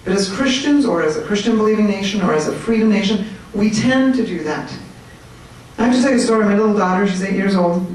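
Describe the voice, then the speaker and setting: A woman giving an animated, chatty talk to a room of people, joking with her audience. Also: mid-range voice, fast talker. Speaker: speaker at a political meetup. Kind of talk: lively speech to a crowd. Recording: echoey room, mic at a distance.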